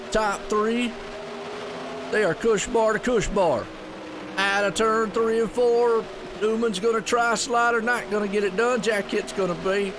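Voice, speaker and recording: A man calling a sim racing event, excitable and folksy, with loud bursts on big moves. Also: fairly high pitch, a little hiss or hum. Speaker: race commentator. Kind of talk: sim racing play-by-play commentary.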